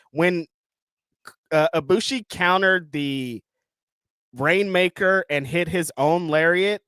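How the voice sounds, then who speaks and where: A man's voice: a little high, a bit bright, clear, resonant tone, no echo, studio quality. A man co-hosting a casual wrestling review chat, enthusiastic and joking, swearing casually and laughing often. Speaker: wrestling show co-host.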